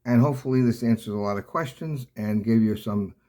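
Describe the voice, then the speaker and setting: An older man teaching piano in a casual, rambling way, halting often with fillers and restarts. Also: medium pitch. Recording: loud piano playing throughout.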